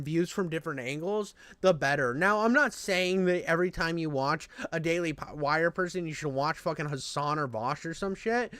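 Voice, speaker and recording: Male streamer, high and smooth, dry sound, rambling and profane. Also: a bit bright, dry recording. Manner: rambling, profane, calls everyone dude. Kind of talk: casual live-stream chat.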